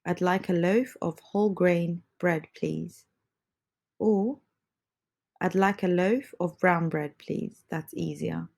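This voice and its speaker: Woman, English teacher, under the weather; patient, repeats lines slowly, lower-pitched voice. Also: vocal fry. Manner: patient, repeats phrases slowly and softly for learners. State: under the weather, slightly congested. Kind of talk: slow, clear English lesson with repeated phrases.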